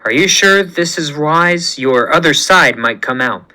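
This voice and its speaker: A man's voice: a little high, lively intonation, measured pace, pushed and bright, heavily acted, low-quality recording. A man voicing a cautious male aide who speaks in a hesitant, deferential way.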